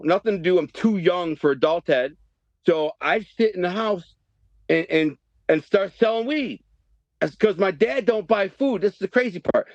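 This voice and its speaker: Middle-aged dude from detroit telling wild stories, kinda high voice, dry muffled sound. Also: male voice, no echo. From Detroit, USA. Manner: animated, streetwise, loud acted-out quotes. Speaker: podcast guest. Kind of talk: casual storytelling. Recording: dry, dull podcast audio.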